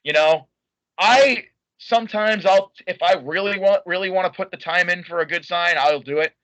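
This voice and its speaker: A man with a high, bright voice chats as a guest on a podcast, rambling eagerly and stumbling through restarts. The sound is close and dry, with no room to it. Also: normal speed, dry recording, dull audio. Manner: enthusiastic and rambling, many fillers and restarts. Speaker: guest, wrestling fan. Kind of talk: casual podcast interview.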